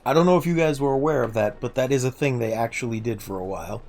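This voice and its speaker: Talking fast in a slightly mellow voice over soft background music, this streamer banters with his chat during a gameplay livestream. He jokes, mutters to himself, and drops into low muttering when concentrating on the game.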